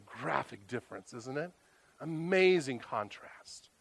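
Dry, animated preacher man. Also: fairly high pitch, takes it slowly, no room sound. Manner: conversational storytelling, animated. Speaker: pastor. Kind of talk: sermon.

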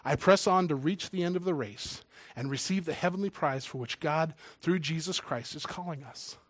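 A man's voice: a little high, moderate pace, no room sound. Emotional man preaching, dry close sound. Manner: emotional, swings from loud reading to hushed intimate words. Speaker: preacher and church drummer. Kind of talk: sermon.

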